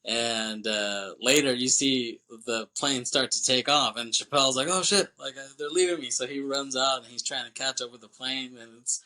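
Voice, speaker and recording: A male podcast host recaps a film with loose, animated energy, jumping into quick impressions of the characters and laughing along the way. His voice is bright and forward. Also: medium pitch. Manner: animated retelling, acts out character lines, laughs often, swears. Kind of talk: casual movie recap.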